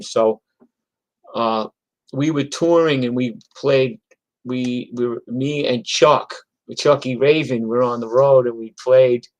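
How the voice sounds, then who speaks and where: A man's voice: mid-range voice, poor audio. A middle-aged man, a musician telling rambling, profane stories in a casual monologue full of "like" and "you know.". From New York.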